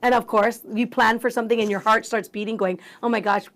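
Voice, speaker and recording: A woman, a radio emcee, telling a story as a guest in a bubbly, excitable way, acting out the voices of the people in it. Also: fairly high pitch, quick pace. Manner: bubbly, excitable, acts out quotes. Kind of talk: animated storytelling in conversation.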